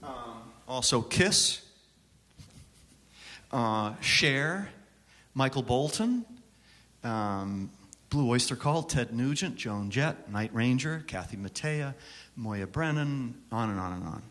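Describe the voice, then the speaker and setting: A man's voice: mid-range voice, lively intonation, slow, pauses often, fairly bright tone, long reverb tail. A man in his fifties from upstate New York, giving a joking, chatty songwriting workshop in a church chapel and bantering with the audience. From Syracuse, New York, USA. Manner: wisecracking, self-deprecating, chatty with the audience. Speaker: songwriting teacher presenting a workshop. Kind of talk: joking conference workshop talk.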